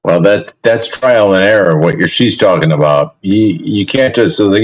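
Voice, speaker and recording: A man chatting on a video call, excitable and stammering, swearing a lot. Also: low-pitched, moderate pace, few pauses, rough recording. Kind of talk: casual chat.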